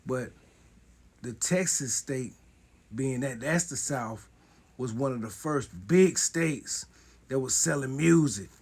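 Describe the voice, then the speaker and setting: A man answering in an interview in a measured, thoughtful way with pauses. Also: mid-range voice, darkish tone, husky. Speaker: group member being interviewed. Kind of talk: casual interview talk.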